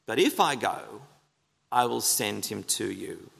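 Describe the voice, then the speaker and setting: A man delivers a sermon with a strongly gravelly, fry-laden voice. He speaks earnestly and with emphasis, often putting questions to the congregation. His voice rings out with the long reverb of a church hall. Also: on the low side, animated, slow, fairly bright tone. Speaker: pastor.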